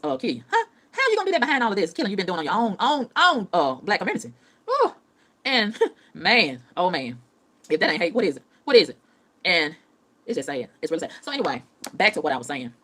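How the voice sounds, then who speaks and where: A woman's voice: lowish voice, fairly bright tone. A woman ranting in a profane, heated vlog monologue, repeating phrases as she goes. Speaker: vlogger.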